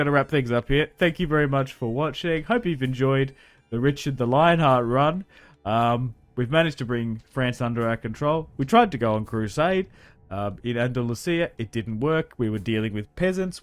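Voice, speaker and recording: A man giving casual, upbeat commentary on a strategy game he is playing, chatty and quick to laugh. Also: medium pitch, expressive, no echo. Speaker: gaming YouTuber.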